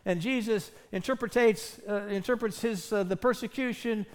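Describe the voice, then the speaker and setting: A man's voice: high voice, normal speed, clean tone. A man preaching a sermon as pastor, earnest and emphatic, asking his listeners rhetorical questions.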